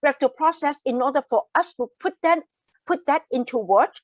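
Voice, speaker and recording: A woman with a high voice presents a wellness workshop over a video call, earnest and explanatory. She restates her key phrases to drive them home. The laptop audio is dull and dry. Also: a little fast, no echo. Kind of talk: online wellness workshop talk. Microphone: laptop mic on a video call.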